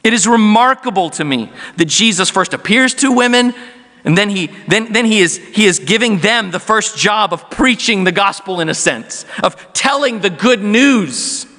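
A male pastor delivers a sermon in a notably high, bright voice. He speaks earnestly, often doubling words as he restarts, and the sound carries a long hall echo. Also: animated, moderate pace. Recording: echoey hall.

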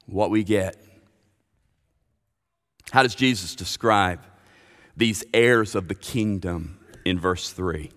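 Slow, emphatic preacher in a reverberant hall. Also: male voice, on the low side, animated. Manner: emphatic preaching, stresses key words, drops to hushed tones. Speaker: pastor. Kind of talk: sermon.

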